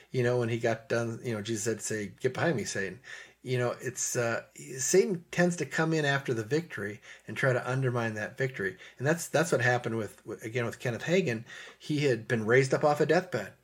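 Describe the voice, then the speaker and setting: A man preaching a sermon in a conversational way, repeating phrases and dropping to a soft voice for gentle passages. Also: medium pitch, husky.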